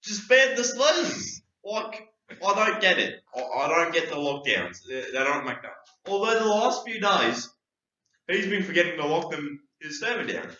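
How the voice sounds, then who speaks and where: A man's voice: on the high side, very animated, normal speed, bright, forceful tone, roomy sound, dull audio. A man co-hosting a comedic podcast, argumentative and rambling. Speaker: podcast co-host.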